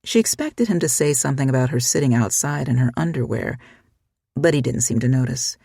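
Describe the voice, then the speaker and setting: Audiobook narrator, husky, dry close mic, even measured read. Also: mid-range voice, no room sound. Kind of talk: scripted narration.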